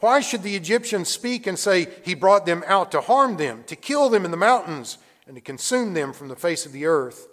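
A man preaching a sermon in an earnest, measured way, reading scripture aloud. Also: high-pitched, animated, a bit bright. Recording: long reverb of a large hall.

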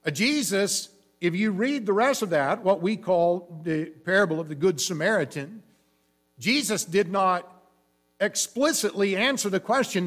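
A man preaching a sermon, explaining scripture in a measured, teaching way with frequent restarts. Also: high-pitched, expressive, a bit bright.

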